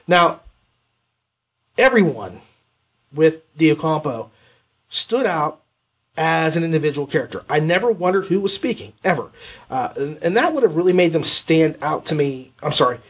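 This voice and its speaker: A man hosting an audiobook review podcast, talking in a rambling, animated way with lots of fillers and self-corrections. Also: a little high, normal speed, long pauses, husky. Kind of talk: casual spoken review.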